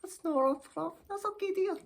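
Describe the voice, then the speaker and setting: A woman voicing a giddy old Scottish lady puppet. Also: brisk. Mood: giddy, excited. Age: 60s. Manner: high fluttery voice, calls everyone dear. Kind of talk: ventriloquist comedy act.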